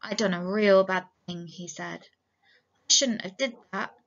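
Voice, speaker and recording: A woman's voice: mid-range voice, slow. A woman voicing a big, simple-minded man who is frightened and pleading, talking in a childlike way and repeating himself. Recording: dull lo-fi recording.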